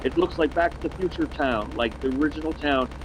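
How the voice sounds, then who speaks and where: A man's voice: a little high, brisk, background noise. A man, a voice actor guest, telling stories in casual chat, emphatic and rambling. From Canada.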